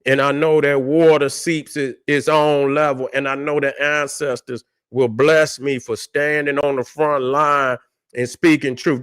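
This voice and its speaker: Guy ranting on his stream, swears a lot, keeps going "you see what im saying", kinda high voice. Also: a bit bright, smooth, no room sound, studio quality. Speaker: livestream host. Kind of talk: casual livestream rant, answering chat.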